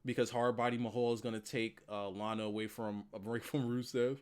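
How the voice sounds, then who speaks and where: A man's voice: lowish voice, a little fast, clear, resonant tone. A man reviewing a wrestling show in a casual, profane chat, laughing often. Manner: animated, profane, laughs a lot.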